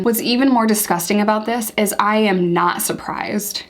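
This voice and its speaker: A woman's voice: medium pitch, normal speed, few pauses. A woman in her thirties giving earnest, emotionally charged commentary to camera as a vlogger.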